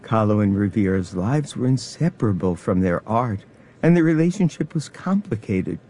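A man hosting a radio program, delivering smooth scripted narration. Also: on the low side, expressive, moderate pace, warm tone. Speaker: radio host. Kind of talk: broadcast narration.

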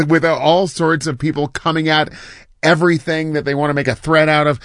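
A man's voice: mid-range voice, a bit bright, no echo. A man hosting a morning radio show alone in a studio, speaking in an earnest, heartfelt way between songs. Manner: repetitive "I love that" phrasing. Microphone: studio microphone.

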